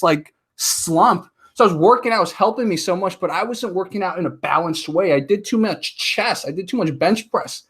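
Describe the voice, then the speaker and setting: Podcast guest, man in his 30s, airy high voice, chatty, animated storyteller. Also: breathy edge. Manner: talkative, animated storytelling with filler words. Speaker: podcast guest, martial artist. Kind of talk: casual chat.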